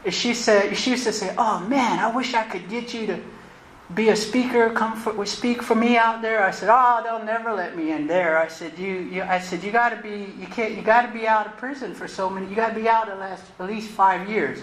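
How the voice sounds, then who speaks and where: A woman, telling her personal recovery story to a meeting in a candid, conversational and animated way. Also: medium pitch, fairly quick. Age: 60s. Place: meeting hall. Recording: roomy hall, faint noise.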